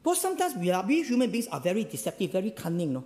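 A man with a Singaporean English accent gives a sermon in a church hall, his voice sitting high and swinging widely up and down. He keeps it chatty, tags phrases with "ah" and "lah" and throws out rhetorical questions. A long reverb trails behind every phrase. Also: huge pitch swings, racing, mellow. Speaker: pastor.

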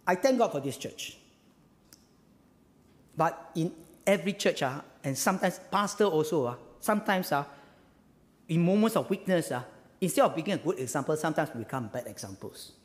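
In a church hall, a pastor with a Singaporean English accent preaches in a high voice that swings widely up and down, expressive and at a moderate pace with long pauses. He keeps it chatty, ending phrases with "ah" and "lah" and posing rhetorical questions, while a long reverb trails each phrase.

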